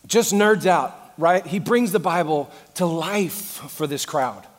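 A pastor preaches with a high voice, out of breath and impassioned. His voice rings through a church sanctuary with long reverb. He swings from loud exclamations to quieter asides. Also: expressive, slow pace, hardly any pauses. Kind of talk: sermon.

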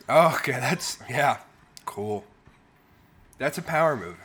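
A man's voice: mid-range voice, animated, slow, fairly bright tone, husky. A man co-hosting a podcast, chatting casually and making dry, wry remarks. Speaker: podcast co-host. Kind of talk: casual chat.

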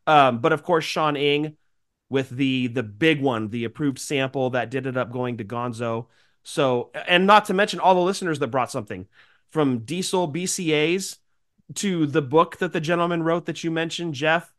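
A man with a nasal, congested voice from a cold, chatting loosely on a podcast. His voice sits a bit higher than most men's. He talks in a rambling, grateful way. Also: normal speed, fairly bright tone. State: sick with a cold. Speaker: podcast co-host. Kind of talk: casual chat.

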